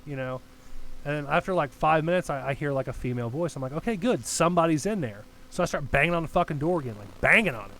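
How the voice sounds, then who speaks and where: A man's voice: fairly high pitch, fast, low-quality recording. A young man telling a long story in casual podcast chat, rambling and swearing as he goes. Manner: rambling, profane, animated storyteller. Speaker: podcast co-host.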